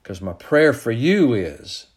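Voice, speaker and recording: A man preaching a sermon as pastor, building to loud, emphatic peaks and then dropping low and soft. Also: big pitch swings, takes it slowly, breathy edge.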